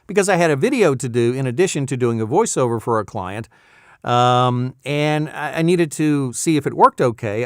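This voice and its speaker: A man's voice: mid-range voice, clear, resonant tone, dry recording, studio quality. A man who works as a voice actor, chatting casually in a rambling, self-amused way and getting sidetracked easily. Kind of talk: casual talking-head vlog.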